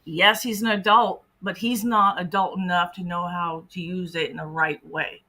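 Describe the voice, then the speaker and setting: A woman's voice: on the low side, steady tone, normal speed, pushed and bright, low-quality recording. A woman on a livestream who works as a decoy for a predator-catching group and talks bluntly and indignantly, swearing casually. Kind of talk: livestream commentary.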